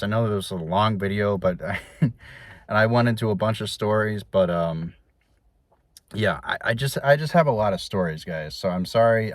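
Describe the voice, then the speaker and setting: Young man, vlogger, rambling storytelling, lowish voice, dry close sound, lots of restarts. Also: no echo. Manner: rambling, frequent restarts and fillers; quotes others in raised voices. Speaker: YouTuber telling personal stories. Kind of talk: casual storytelling to camera.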